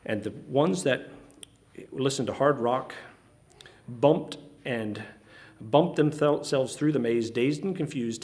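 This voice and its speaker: A man preaching a sermon, earnest and halting, often restarting his sentences. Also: medium pitch, darkish tone.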